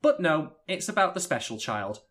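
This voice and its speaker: A man co-hosting a podcast, giving opinionated, animated views in casual anime review chat. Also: a little high, moderate pace. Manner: opinionated, animated, emphatic rises. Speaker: podcast co-host.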